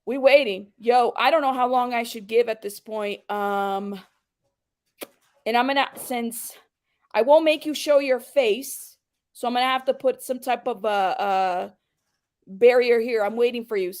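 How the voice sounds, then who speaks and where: A woman's voice: fairly high pitch, unhurried, a little mellow. A woman hosting a livestream, heatedly confronting a viewer in her chat and pressing him to come on and explain himself. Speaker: livestream host.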